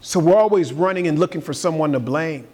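A man preaches to his congregation, his voice pitched high. He repeats his key phrases and builds to forceful, emphatic peaks. The sound rings with the long reverb of a large church sanctuary. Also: fairly quick. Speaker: pastor. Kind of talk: sermon.

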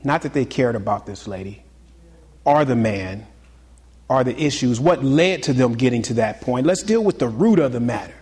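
A pastor preaching a sermon to his congregation, swinging between loud exclamations and hushed, confiding asides. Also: medium pitch, animated, moderate pace, husky, big-room sound.

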